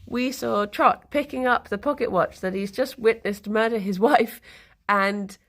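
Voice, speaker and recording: A woman's voice: a little high, unhurried, fairly bright tone. A woman streamer casually telling a rambling story to her live chat, laughing often and correcting herself as she goes.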